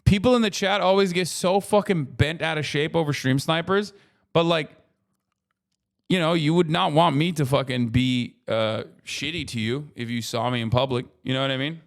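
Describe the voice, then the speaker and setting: A man's voice: on the high side, moderate pace. A man in his thirties talking casually on a livestream while reacting to a video, profane, rambling and sarcastic.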